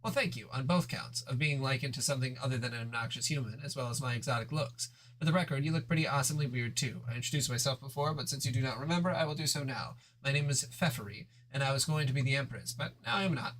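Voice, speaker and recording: A man's voice: medium pitch, quick pace, fairly bright tone, natural voice, poor audio. A man voicing a bubbly, aristocratic fish-alien girl who says glub, in a playful, slightly pompous way, as he reads a webcomic aloud with voices. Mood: teasing.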